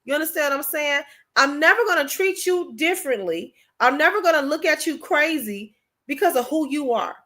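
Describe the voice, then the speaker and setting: A woman hosting a livestream talks informally and directly to viewers, motivating them in a high, animated, slightly fast voice that sounds pushed and bright. Emphatic and repetitive, she keeps pressing her points and often asks "you understand what I'm saying?"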